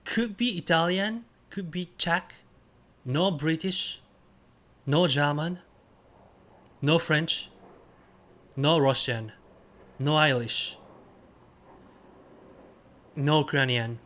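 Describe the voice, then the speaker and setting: While he plays a guessing game on stream, this man chats in a relaxed way using halting, uncomplicated phrases and bursts of cheering. His voice leans high.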